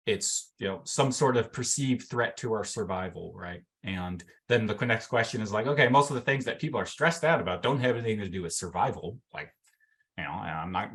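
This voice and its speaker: Casual, animated male coach on a call. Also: fairly low pitch. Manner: casual and animated, acts out inner voices, many fillers. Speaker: mental fitness coach. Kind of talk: teaching a workshop session on a video call.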